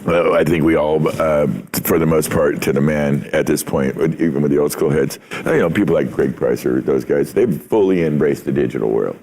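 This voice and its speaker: A man's voice: very deep voice, a little fast, hardly any pauses, a little mellow. A man hosting a podcast interview, talking in a loose, rambling way with casual swearing. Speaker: podcast host.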